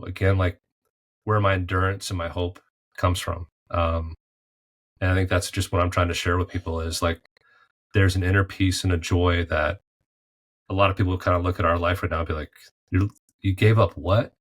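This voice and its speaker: A man's voice: sits low, little pitch movement, normal speed, long pauses, a bit bright. A man, a podcast guest who left a golf career for art, talking through life in golf and faith analogies in a reflective, conversational way. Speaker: podcast guest, former golf pro turned artist.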